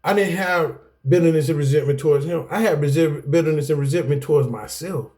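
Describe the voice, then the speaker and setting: A middle-aged man, teaching an anger management class through his own life story. He talks in an animated, preacherly way, addressing the room as "y'all.". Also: on the high side, brisk. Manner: animated, preacherly, repeats "guess what" and "y'all". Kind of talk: personal testimony lecture.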